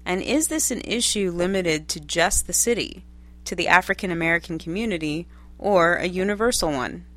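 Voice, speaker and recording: A woman reading a scripted literature lesson in a measured way, posing study questions one after another. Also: lowish voice, a bit bright. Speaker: lecturer reading course text.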